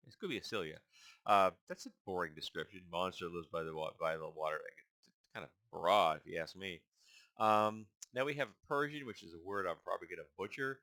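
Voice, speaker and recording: A man hosting his own channel, casually reading through a list and thinking aloud, halting and stumbling over unfamiliar names. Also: deep voice, sharp tone, no room sound. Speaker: channel host.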